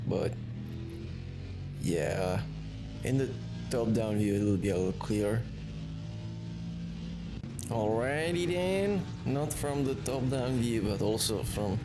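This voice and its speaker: A man hosting a sim racing channel, breaking down race replays in an analytical way and often correcting himself mid-sentence. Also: medium pitch. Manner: analytical, with frequent self-corrections. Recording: music bed under the voice.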